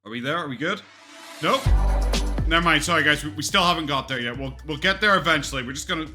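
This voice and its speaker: A man's voice: a little high, lively intonation, fast talker, music in the background. A man doing mocking reaction commentary into a desk microphone, swearing and laughing often. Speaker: commentary youtuber reacting to a vlog. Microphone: desk USB microphone.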